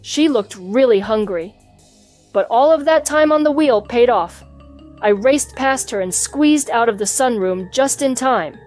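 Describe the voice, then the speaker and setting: A woman reading a children's storybook aloud in an even, clear storytelling manner, voicing the hamster who narrates his own adventure. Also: on the high side, measured pace. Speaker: storybook reader. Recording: soft music behind the voice.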